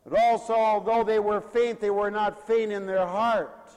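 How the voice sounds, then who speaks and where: A man preaching a sermon in a mission hall, emphatic, swinging between loud declarations and hushed asides. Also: sits high, flat delivery, a little slow, clear, resonant tone.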